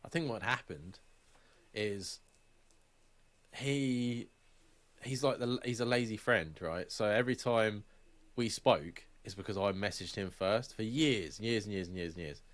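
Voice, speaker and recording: A man's voice: on the low side, unhurried, a bit bright. A young man co-hosting a podcast, telling stories in casual, sweary chat and laughing often. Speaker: podcast co-host.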